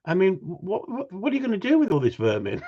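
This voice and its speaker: A man chatting live to his viewers, joking and ribbing them with the odd swear word. His pitch swings up and down a lot as he talks. The sound is dull and lo-fi. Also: wildly swooping pitch, a little fast. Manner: joking, teasing banter with mild swearing. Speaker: gundog trainer hosting a live stream. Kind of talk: casual live-stream chat reading viewer comments.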